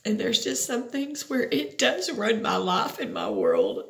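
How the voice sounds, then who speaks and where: Frustrated woman venting, gravelly voice. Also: a little high, huge pitch swings, a little slow, roomy sound. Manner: frustrated, rambling, swears. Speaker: vlogger. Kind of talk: venting personal vlog.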